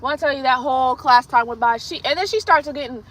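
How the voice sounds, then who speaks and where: Woman on a nail livestream, kinda high, super bright voice, blunt and cussing as she tells a story. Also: quick pace, poor audio. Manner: blunt, profane, chatty storyteller. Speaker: nail artist livestream host. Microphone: streaming setup while doing her nails.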